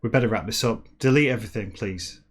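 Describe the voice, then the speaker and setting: A man's voice: lowish voice, fast, breathy edge. A man playing a nervous starship crewman who gives rambling, dithering orders to the computer.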